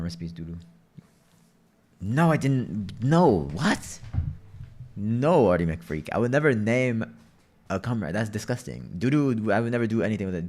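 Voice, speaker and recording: A man's voice: low-pitched, darkish tone. A young man streaming a game, chatting and telling rambling stories with plenty of swearing. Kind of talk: casual gaming commentary.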